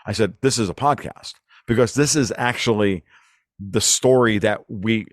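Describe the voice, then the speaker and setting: A man's voice: fairly low pitch, moderate pace, no room sound, clean studio sound. A man from New York hosting a podcast, talking in casual chat and agreeing emphatically. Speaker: podcast host.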